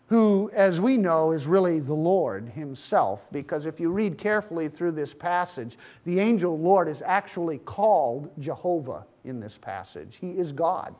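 A man's voice: fairly high pitch, mellow. A man preaching a sermon, retelling a Bible story and speaking to his listeners as friends. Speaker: pastor.

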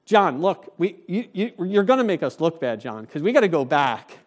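This is a band of impatient, pleading men pressing for an answer, as a preacher acts them out. They come quick and insistent, with a wheedling push in a fairly high voice. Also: male voice, very animated. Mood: begging. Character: pushy, pleading male temple questioners.

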